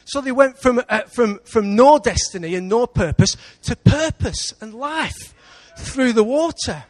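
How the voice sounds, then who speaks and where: A man with an English accent preaching a sermon in church, lively, with big swings between loud and quiet. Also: very high-pitched, unhurried. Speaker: pastor.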